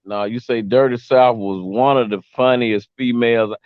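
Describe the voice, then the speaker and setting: A man interviewing a guest, speaking in an earnest, measured way. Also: medium pitch, fairly even intonation, smooth, no room sound. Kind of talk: casual interview. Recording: dry muffled recording.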